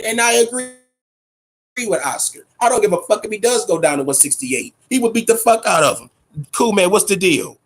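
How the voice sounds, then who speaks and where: Male boxing host with a raspy, high-pitched voice; swears freely and hammers his points home. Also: lively intonation, brisk. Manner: profane, emphatic, repeats himself. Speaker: boxing talk show host. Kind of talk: casual boxing commentary rant.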